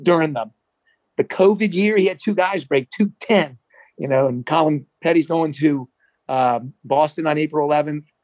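A middle-aged man from New Jersey, a former marathon runner, telling a story in a chatty, animated way. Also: fairly high pitch, moderate pace, no room sound, rough recording. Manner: animated, chatty, frequent restarts and laughs. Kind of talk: casual storytelling.

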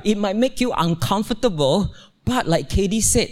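A middle-aged man preaching a sermon in a church, telling a family story with playful humor and lively exclamations. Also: moderate pace. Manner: animated storytelling, playful, exclaims with rising pitch. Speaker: pastor. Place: church, also streamed online.

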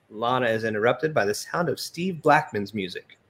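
A man's voice: medium pitch, lively intonation, moderate pace, a bit bright. A man narrating a wrestling game story casually to friends, reading the text aloud with laughs.

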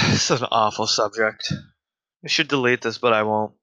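A man's voice: medium pitch, expressive, measured pace, bright, forceful tone, poor audio. A man delivering a casual, profane solo rant, exasperated and full of fillers.

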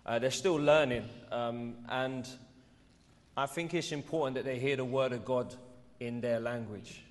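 A man's voice: medium pitch, steady tone, unhurried. Man preaching in an echoey church hall. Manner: friendly, informal address. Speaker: pastor. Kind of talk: sermon. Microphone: clip-on mic.

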